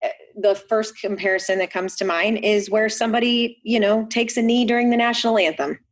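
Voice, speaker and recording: A woman's voice: mid-range voice, steady tone, brisk. A middle-aged woman, a chiropractor guest on a podcast, telling a personal story in an earnest way. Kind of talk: casual conversation.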